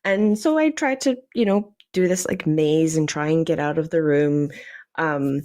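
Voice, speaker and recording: Young Scottish woman, podcast guest, lower voice, chatty and animated, quick to laugh. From Scotland. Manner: animated, laughs often, many fillers. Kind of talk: casual chat, storytelling.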